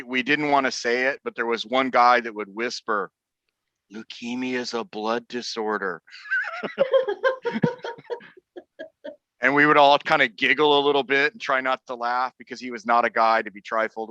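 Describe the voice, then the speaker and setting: Male guest, relaxed storyteller, dry wit; crisp forceful tone, dead-dry lo-fi sound. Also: mid-range voice, a little fast, no echo. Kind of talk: casual conversation and anecdote. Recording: dry, dull lo-fi call audio.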